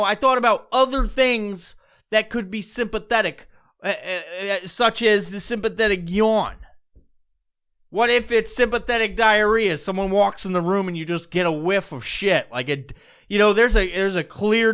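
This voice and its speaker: A man's voice: sits high, a bit bright, smooth. A man doing a profane, rambling comedic rant as a podcast host.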